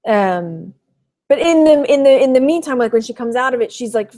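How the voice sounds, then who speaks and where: A middle-aged woman from Texas speaks in a slightly high voice, chatting casually to viewers of a live stream. She rambles, fills pauses with "you know" and "um," and stops to greet people in the chat. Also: expressive, dark tone. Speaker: thrift reseller vlogger.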